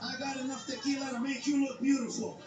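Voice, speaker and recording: A man doing stand-up, ranting loudly and profanely, often breaking into shouts. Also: very high-pitched, level tone, quick pace, echoey room, muffled recording, loud music behind the voice. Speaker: stand-up comedian. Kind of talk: stand-up set.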